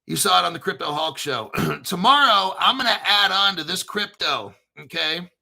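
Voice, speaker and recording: A man hosting a crypto video show, talking in an excitable, rambling, profane way. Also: sits high, normal speed, vocal fry, low-quality recording. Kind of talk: casual profane commentary.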